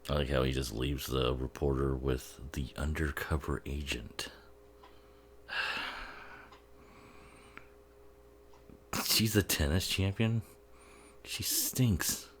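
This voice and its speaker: A man's voice: rumbling low, extremely slow, long pauses, a bit bright, a little hiss or hum. A man giving casual, profane, sarcastic commentary on a film, often laughing as he talks.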